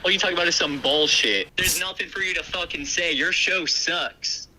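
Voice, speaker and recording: A man's voice: fairly high pitch, normal speed, pushed and bright, low-quality recording. A man calling in to a comedy podcast to insult the hosts, in aggressive, taunting, profane trash-talk. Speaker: caller insulting the show.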